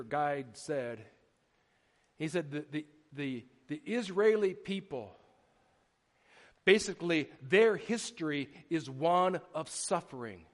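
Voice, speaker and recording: Middle-aged man, pastor giving a sermon; animated, stumbling restarts, fairly high voice, reverberant church. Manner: animated storytelling with repeated restarts. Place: church sanctuary. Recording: long hall reverb.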